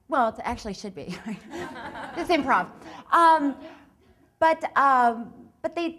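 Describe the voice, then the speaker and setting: A woman's voice: mid-range voice, a bit bright. A woman giving a live talk on improv, chatty and laughing often between her points. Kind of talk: live talk with audience exercises.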